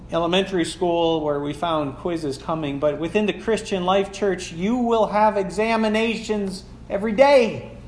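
A man's voice: high voice, reverberant. A man in his forties, a pastor, preaching a conversational sermon full of rhetorical questions.

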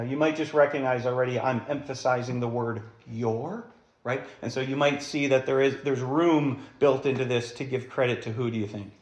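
A man's voice: medium pitch, roomy sound. A man preaching a sermon as pastor, emphatic, putting rhetorical questions to the congregation.

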